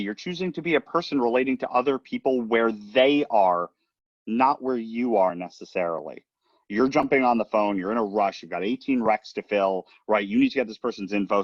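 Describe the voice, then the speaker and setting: A man's voice: lowish voice, dry recording, dull audio. A man giving a casual training talk on recruiting, chatty and often checking in with the listener. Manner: chatty, leans on "right?" and "um" as he talks. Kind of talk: casual presentation.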